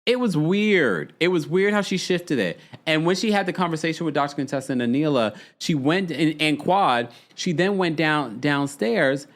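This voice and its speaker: Recapping a reality show for his podcast, a man speaks in a higher-than-average voice. His casual commentary is lively and chatty, with frequent laughter and dramatic asides.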